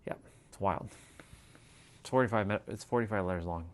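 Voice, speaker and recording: A man's voice: on the low side, fairly quick. A man hosting a livestream, chatting casually in a rambling, profane way and laughing often. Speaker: livestream host. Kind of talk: casual chat.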